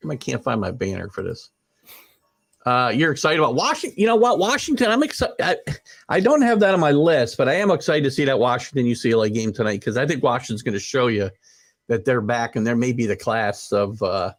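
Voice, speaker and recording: A man's voice: medium pitch, expressive, brisk. A man hosting a casual sports talk show, opinionated and rambling, with lots of fillers and restarts.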